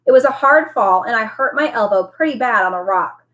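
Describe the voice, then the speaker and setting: A woman who teaches, reading a novel aloud with expressive storytelling. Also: a little high, fairly quick.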